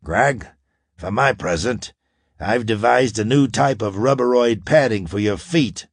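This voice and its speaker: A man voicing an older, fatherly male scientist with a rasping voice in an audiobook. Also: lowish voice, a little slow, dry recording, clean studio sound. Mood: calm. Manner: calm, brooding. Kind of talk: audiobook character voice.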